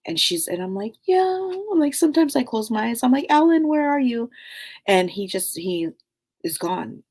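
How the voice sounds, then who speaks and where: A middle-aged spiritual talk show host speaks at a moderate pace in an expressive, medium-pitched voice with a breathy edge. Her talk meanders casually with many fillers, often dropping into a soft hush.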